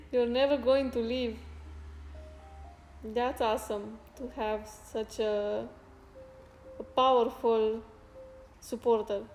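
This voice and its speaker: A woman hosting a casual live stream, chatting with viewers in a soft-spoken, halting and grateful way. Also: on the high side, fairly even intonation. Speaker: fitness streamer. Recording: roomy echo with faint music.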